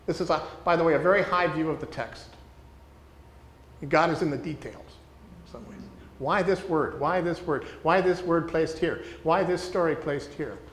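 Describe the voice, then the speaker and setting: A man teaching a small group how to read scripture closely, speaking deliberately and repeating key words for emphasis while asking the room questions. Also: on the high side, a little hiss or hum. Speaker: teacher leading a workshop for pastors. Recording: echoey room with faint ambience.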